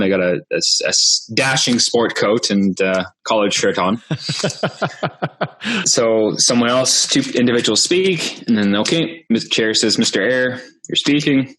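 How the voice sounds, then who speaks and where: Young farmer guest, low-voiced, animated storyteller who laughs often and mimics voices. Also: male voice. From Manitoba, Canada. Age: young adult. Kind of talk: casual storytelling.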